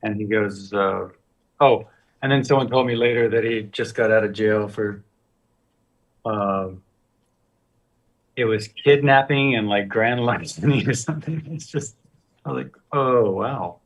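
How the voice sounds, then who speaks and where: A man's voice: on the low side, measured pace, long pauses, distant mic. A man teaching a live painting demonstration, talking loosely and joking while he works. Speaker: guest painting instructor.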